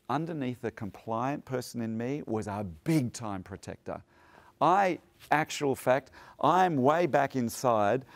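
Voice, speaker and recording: A middle-aged man leading a workshop, explaining ideas to a group with relaxed anecdotes and occasional chuckles. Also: medium pitch. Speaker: workshop facilitator. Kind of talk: teaching talk to a group.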